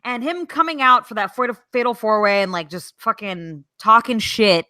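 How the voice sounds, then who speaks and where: A woman hosting a podcast in casual chat, animated, swearing and laughing often. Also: on the high side, normal speed, dry recording, studio quality. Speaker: podcast host.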